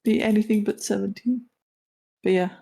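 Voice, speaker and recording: A woman's voice: medium pitch, fairly even intonation, moderate pace, gravelly, mellow. A woman playing a tabletop game, chatting in a casual, playful way. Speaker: player.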